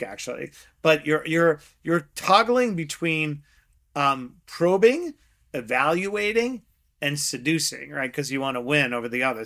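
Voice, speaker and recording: A middle-aged man, a guest investor, chatting in an interview, telling lively stories and acting out quotes with frequent laughs. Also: on the high side. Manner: animated storyteller, acts out quotes, laughs often. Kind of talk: casual interview chat.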